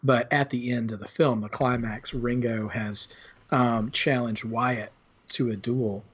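A man's voice: mid-range voice, steady tone, a little slow, fairly bright tone, breathy edge, lo-fi sound. A man hosting a podcast, talking about films in a casual, rambling way with lots of fillers and restarts. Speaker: podcast host. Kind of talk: casual film discussion.

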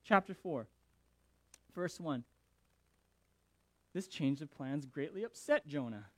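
A male pastor preaching a sermon, animated and emphatic with dramatic pauses. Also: fairly high pitch, dry recording.

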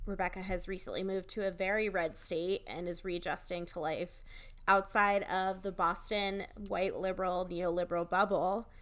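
A woman's voice: fairly low pitch, fairly even intonation, normal speed, a bit bright. A young woman co-hosting a podcast in casual chat, earnest and outspoken with jokey asides. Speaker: podcast co-host.

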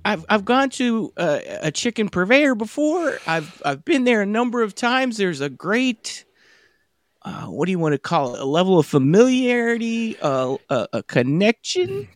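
A man co-hosting a podcast, telling a long comic story in a halting, rambling way that keeps circling back on itself. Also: high voice, very animated, dry recording. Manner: rambling, halting, self-interrupting. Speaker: podcast co-host. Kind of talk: casual comedic storytelling.

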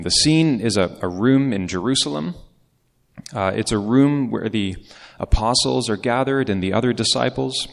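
A man's voice: fairly low pitch, vocal fry. A man preaching a sermon as pastor, in a conversational way with casual asides. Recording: long reverb of a large hall.

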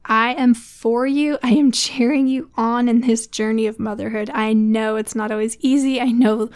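A woman's voice: on the high side, fairly even intonation, moderate pace. A woman in her thirties hosting a casual solo podcast, chatty and encouraging as she talks to other mothers. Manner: warm, encouraging, chatty with laughs. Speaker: podcast host.

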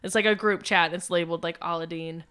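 A woman's voice: fairly low pitch, quick pace, clean tone. A young woman, co-hosting a podcast and telling rambling, profane party stories in casual chat. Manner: rambling, profane, animated storyteller. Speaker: podcast co-host.

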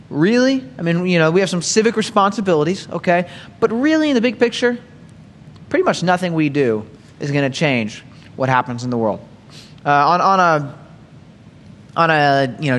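A man's voice: fairly high pitch, fairly bright tone, in a large hall. A man teaching a Bible study in a conversational sermon style, reading psalms and often checking in with "right?" and "okay?". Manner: conversational, asks rhetorical questions with frequent "right?" and "okay?".

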